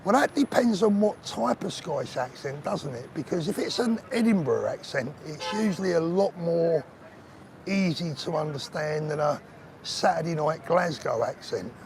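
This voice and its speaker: A middle-aged man strolls through resort streets, talking into a phone on a pole for his live viewers. His voice sits a little high and he jokes and answers comments as he goes. Faint street noise hums behind him. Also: animated, normal speed, vocal fry. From Britain. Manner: chatty and joking, reading out viewer comments. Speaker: livestream host. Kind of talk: casual live walking chat. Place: outdoors on resort streets, walking. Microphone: phone on a selfie pole.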